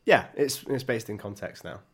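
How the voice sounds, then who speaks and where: A man's voice: fairly low pitch, lively intonation, moderate pace. A man co-hosting a casual podcast, talking in a hesitant way with frequent stammers and restarts. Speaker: podcast co-host. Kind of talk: casual chat.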